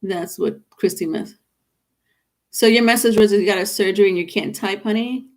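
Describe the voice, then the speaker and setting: A woman hosting a live tarot reading, with a voice in the middle range for a woman. She chats casually and warmly, reads viewer comments aloud and calls people honey, with small restarts and fillers along the way. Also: mid-range voice, normal speed. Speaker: tarot reader.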